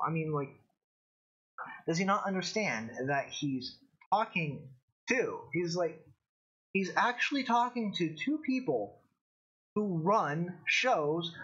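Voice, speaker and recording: A man hosting his own live-streamed show, talking casually in a rambling, halting way with many restarts. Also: sits high, fairly bright tone, husky, lo-fi sound. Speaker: show host.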